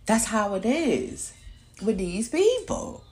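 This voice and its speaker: Gravelly low-voiced woman ranting profanely. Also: lively intonation, normal speed. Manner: profane, emphatic storytelling; loud outbursts alternating with muttered asides. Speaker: podcast host. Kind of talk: casual monologue.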